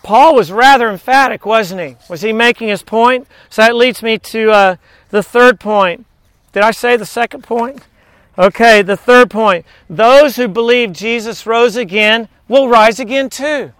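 A man preaching a sermon and reading scripture, emphatic, often asking the congregation quick questions. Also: extremely high pitch, fairly bright tone, clear, resonant tone, no echo.

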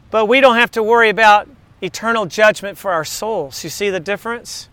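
A man's voice: high voice, brisk, a bit bright, clear, resonant tone, no room sound. A man preaching a sermon in a conversational way, telling stories and asking rhetorical questions. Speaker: pastor.

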